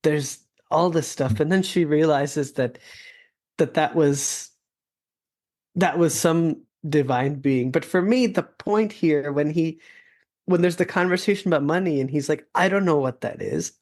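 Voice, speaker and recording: A man's voice: a little high, a little slow, a little mellow. A man hosting a podcast, telling a story in a casual, earnest and reflective way. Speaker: podcast host.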